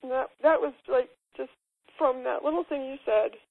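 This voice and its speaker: A woman calling in to a show, talking earnestly and haltingly, restarting her sentences as she describes a personal experience. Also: high voice, creaky. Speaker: caller. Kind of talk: call-in conversation and reading aloud. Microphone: telephone. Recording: tinny phone line, dry.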